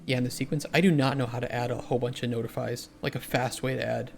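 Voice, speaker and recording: Chatty game developer streaming while coding. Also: male voice, mid-range voice, fairly even intonation, fast, gravelly, a little hiss or hum. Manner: chatty, answers chat, restarts sentences. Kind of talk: casual livestream chat while coding.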